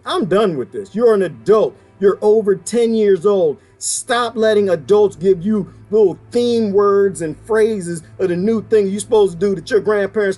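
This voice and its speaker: Brief: high-pitched man, fiery self-made vlogger rant, faint music underneath. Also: a little mellow, breathy edge. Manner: heated, preachy, fires rhetorical questions. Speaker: video blogger. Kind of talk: ranting monologue to viewers.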